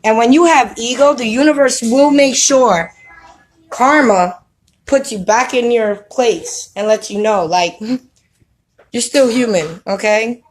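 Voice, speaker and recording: Speaking slowly in a slightly high voice, a slangy woman preaches spiritual ideas to camera while kids are around the house. She keeps asking "you know what I mean?" and the recording is rough.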